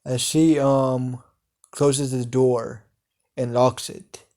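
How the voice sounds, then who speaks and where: Slow, hesitant man improvising a story. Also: mid-range voice, flat delivery, darkish tone. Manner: hesitant, many fillers, laughs at own story. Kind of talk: improvised fan story narration.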